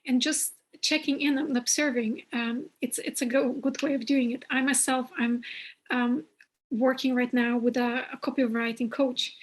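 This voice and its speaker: High-voiced woman host giving advice. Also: low-quality recording. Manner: earnest, advice-giving, with frequent restarts. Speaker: podcast host. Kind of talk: conversational interview.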